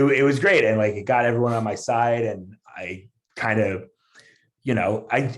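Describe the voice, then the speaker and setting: A male comedian, a guest on a podcast, telling a story in a casual, animated way with lots of fillers and restarts. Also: medium pitch.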